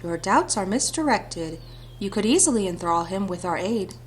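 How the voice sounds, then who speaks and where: A woman reading aloud as a mysterious lake fairy spirit, slow, hushed and measured. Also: medium pitch, lively intonation, a little hiss or hum, lightly acted. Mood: coaxing. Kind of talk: reading visual novel dialogue aloud.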